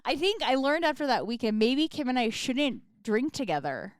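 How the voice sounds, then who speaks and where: A woman's voice: high voice, normal speed, clear, resonant tone, no room sound, studio quality. A woman co-hosting a podcast, chatting casually and laughing as she tells stories, possibly in her thirties. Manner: laughing, animated storyteller. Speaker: podcast co-host. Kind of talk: casual chat.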